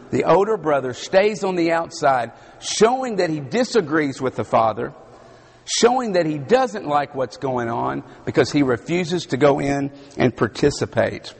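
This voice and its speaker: A man preaching a sermon in a large hall, his voice slightly strained, speaking slowly and emphatically with dramatic pauses and a Southern US accent. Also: a little high, creaky, breathy edge. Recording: long hall reverb.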